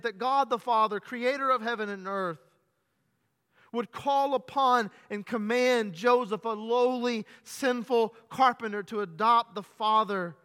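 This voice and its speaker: A man with a high, bright, ringing voice preaches a sermon in a church, with a long reverb trailing after his words. He repeats words as he builds up, calls his listeners "beloved," and swings between hushed, low stretches and loud, raised preaching. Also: smooth. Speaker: pastor. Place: church sanctuary during a morning service.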